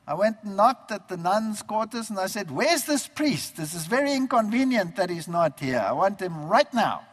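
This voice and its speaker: A man telling his conversion story as a sermon, animated and acting out the dialogue he remembers. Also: high voice, normal speed. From Germany. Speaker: preacher giving his testimony. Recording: long reverb of a large hall.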